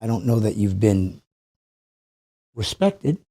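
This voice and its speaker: Man, podcast host, mellow tone, earnest, encouraging. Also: on the low side, sing-song, slow. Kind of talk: interview chat. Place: studio.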